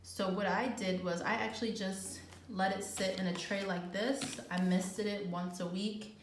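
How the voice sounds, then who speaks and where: A woman's voice: medium pitch, fairly even intonation, a little slow. A woman hosting a gardening channel, chatting casually in her home kitchen and thinking aloud as she works. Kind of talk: casual how-to chat. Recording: echoey room with faint background noise.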